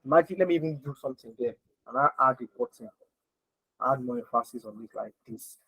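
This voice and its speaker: A man's voice: medium pitch, fast talker, fairly bright tone, husky, dry recording, rough recording. A man teaching design in an online screen-share lesson, repeating points and often checking that listeners follow. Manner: repetitive, emphatic, keeps checking if listeners follow. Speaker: design instructor.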